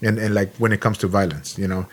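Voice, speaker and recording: A man's voice: on the low side, little pitch movement, fast talker, slightly rough. A man from Los Angeles, a Marine veteran, co-hosting a casual podcast chat in a blunt, heated way, swearing often and restarting his sentences. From Los Angeles, USA.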